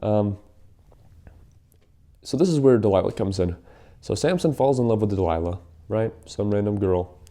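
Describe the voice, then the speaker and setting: Young guy with a real dark low voice, slangy rambling bible story recap. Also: lively intonation, moderate pace, long pauses. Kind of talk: casual Bible story retelling.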